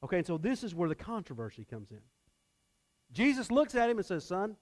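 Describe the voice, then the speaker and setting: A man with a high voice preaching a sermon. He talks to his listeners like a conversation and keeps asking them questions. He acts out the lines he quotes with big jumps in pitch and volume. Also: very animated, normal speed, a little mellow. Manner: conversational, asks the audience questions. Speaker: pastor.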